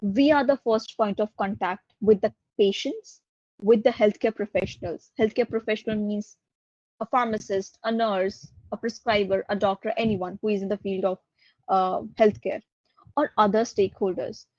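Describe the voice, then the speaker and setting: A woman's voice: mid-range voice, steady tone, moderate pace, a little mellow, no room sound. A woman with an Indian English accent giving an online course lecture, explaining things step by step and repeating her key points. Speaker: guest lecturer. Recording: dull lo-fi dry audio.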